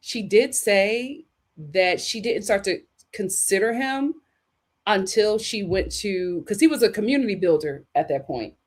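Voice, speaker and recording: A woman's voice: medium pitch, lively intonation, unhurried. A woman hosts a livestream chat. She talks with sass and emphasis and often repeats her punchlines for effect. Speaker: host.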